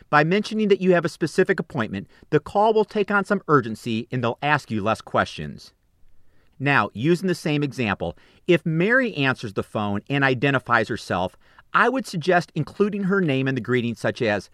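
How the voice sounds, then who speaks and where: A man giving scripted, upbeat coaching tips on phone manners in an instructive, measured delivery. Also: fairly high pitch, big pitch swings, fairly bright tone, no echo, clean studio sound.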